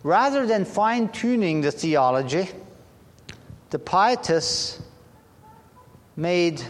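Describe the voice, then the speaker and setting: A man preaching a sermon to a congregation, talking slowly and deliberately with halting restarts. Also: on the high side. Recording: long hall reverb.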